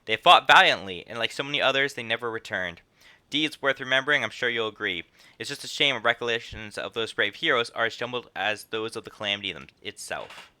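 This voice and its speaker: A man's voice: medium pitch, brisk, bright, forceful tone. A man voicing a chatty female innkeeper who runs a guild, reading her lines in a drawl that drifts between put-on accents. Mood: folksy, storytelling.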